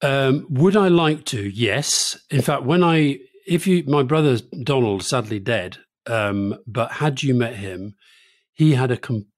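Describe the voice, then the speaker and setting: Male podcast co-host from Scotland, mid-pitched, brisk chat, dry studio sound. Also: animated, no room sound. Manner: brisk, conversational, reads listener questions. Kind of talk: casual political chat.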